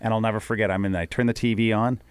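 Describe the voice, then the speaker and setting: A young Canadian man telling stories in casual chat, animated with quick asides, on a podcast. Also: lowish voice, smooth, dry recording.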